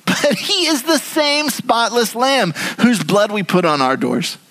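A man preaching a sermon as pastor in a church, moving between hushed and animated delivery. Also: very high-pitched, a little slow, rough recording. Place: church sanctuary.

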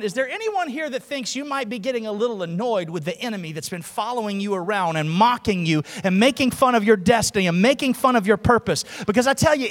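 A man's voice: very high-pitched, fairly bright tone. A man preaching a sermon, telling stories with animation and acting out the other people's voices in a large church hall. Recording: long hall reverb.

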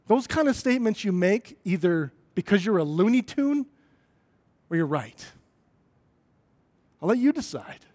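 A man's voice: high-pitched, very animated, normal speed, pauses often, darkish tone. A man preaching a sermon as pastor, talking conversationally and then building to emphatic, rising points.

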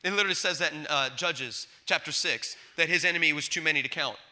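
A man preaching a sermon with passion, swinging between loud declarations and hushed asides, telling stories with acted-out quotes and stammered restarts. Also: a little high, quick pace. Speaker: pastor.

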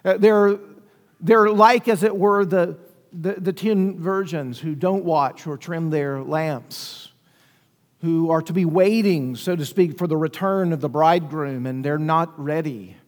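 A man with a notably high voice preaches a sermon, pressing his points with rhetorical questions and dramatized quotes. His voice carries a long reverb, as if filling a large hall. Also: a little slow. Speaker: pastor.

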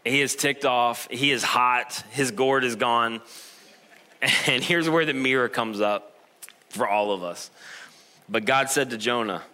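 A man's voice: mid-range voice, a little slow, bright, forceful tone. A man preaching a conversational sermon as a pastor, retelling a Bible story with humor and chuckles.

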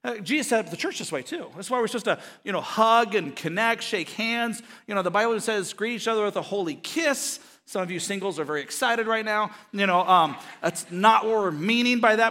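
A man's voice: sits high, bright, forceful tone, long reverb tail. A middle-aged man preaching a sermon as pastor, telling family stories with jokes and acting out quoted voices. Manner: storytelling, jokey, acts out quoted voices.

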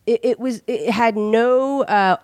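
A woman's voice: a little high, slow pace, a little mellow, no echo. A woman hosting a candid comedy talk, her voice dry and close with no room sound. She tells long, rambling anecdotes and breaks into laughter along the way. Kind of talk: frank comedic chat.

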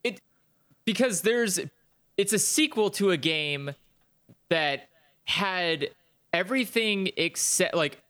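A man's voice: a little high, a bit bright. A man in casual chat about video games, ranting animatedly and swearing a lot.

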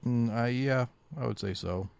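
A man's voice: medium pitch, unhurried, vocal fry, a little mellow, smooth, no echo. A man co-hosting a podcast who chimes in and agrees in a laid-back casual chat. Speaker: podcast co-host. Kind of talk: casual comic review chat.

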